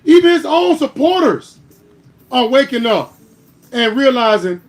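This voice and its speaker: A man's voice: very high-pitched, sing-song, unhurried. A man hosting a political commentary livestream, arguing hard and driving his points home with repeated "All right?". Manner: heated and argumentative, builds to louder bursts. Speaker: host.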